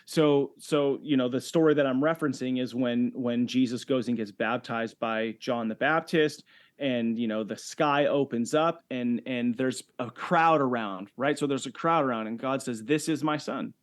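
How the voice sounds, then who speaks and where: A man's voice: mid-range voice, normal speed. Man, middle-aged, podcast guest, emphatic, persuasive, casual chat. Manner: emphatic, keeps checking in with "right?". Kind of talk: casual faith-based conversation.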